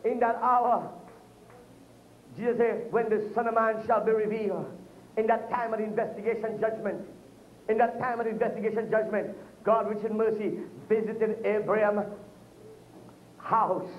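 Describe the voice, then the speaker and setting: A man's voice: sits high, steady tone, moderate pace, long pauses, a little hiss or hum. A man preaching a sermon in a church, fervent and full of amens. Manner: fervent, punctuated with frequent amens. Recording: echoey, tinny phone-like room recording.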